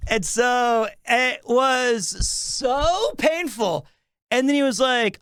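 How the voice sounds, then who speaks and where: A man's voice: very high voice, expressive, takes it slowly, fairly bright tone, smooth, dry recording, studio quality. A man telling a comedic anecdote, acting out his own reactions with laughter. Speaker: podcast guest storyteller.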